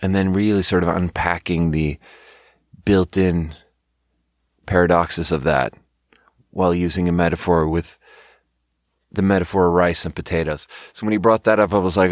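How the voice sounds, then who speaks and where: A man's voice: sits low, fairly even intonation, moderate pace, pauses often, no echo, studio quality. A man from Sweden hosting a podcast, telling a rambling, profane, self-mocking story in casual monologue. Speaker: podcast host and restaurant server.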